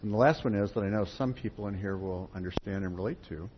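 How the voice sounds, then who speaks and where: A man's voice: lowish voice, fast talker. A man speaking at a spiritual gathering, a folksy storyteller who tells parables and talks straight to his group. The sound is dull and lo-fi with faint background noise. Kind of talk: sermon with storytelling.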